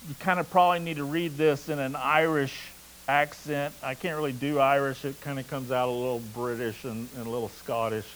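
A man preaching a sermon in a conversational, casual way, telling stories and reading scripture aloud between relaxed asides. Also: medium pitch, fairly quick, slight background noise, low-quality recording. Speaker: pastor.

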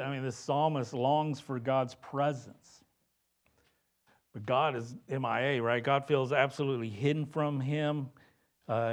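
A male pastor preaching a sermon in a conversational way, often asking "right?" and swinging between loud emphasis and hushed lines. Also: medium pitch.

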